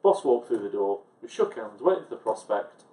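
A man chats quickly and emphatically as a podcast co-host, piling one anecdote onto the next. His voice sits at a middling pitch. The recording has a roomy echo around it. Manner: animated storyteller, quick and emphatic. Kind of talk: casual chat. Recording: echoey room.

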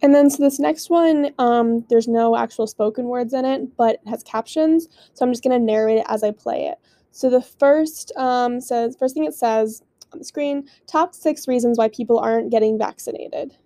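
A young woman from Oklahoma hosts the show, talking through clips and tweets with earnest, mildly indignant commentary. Her voice sits a little high but has a gravelly, fried edge. The tone is mellow and dark. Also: normal speed, no room sound. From Tulsa, Oklahoma, US. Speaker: podcast host.

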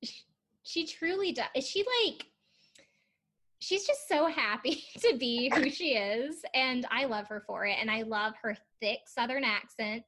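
A woman's voice: on the high side, a little slow, sharp tone. Giggly chatty woman recapping a show. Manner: chatty, giggly, lots of fillers. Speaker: podcast co-host. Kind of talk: casual chat recapping a TV show.

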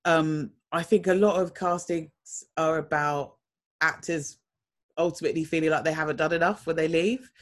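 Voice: medium pitch, fairly even intonation, moderate pace. A casting director answering interview questions in a thoughtful, rambling way, full of fillers and restarts.

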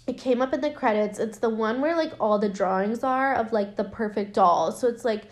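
A woman's voice: a little high, normal speed. Chatty woman with a worn-out voice. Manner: rambling, filler-heavy, swears freely. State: losing her voice, dry throat. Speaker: podcast host recapping a film. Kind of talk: casual chat.

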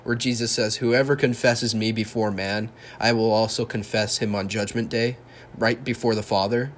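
A man's voice: lowish voice, flat delivery, moderate pace, slight background noise. A young man hosting a solo podcast, ranting heatedly and sarcastically, swearing a lot. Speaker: podcast host.

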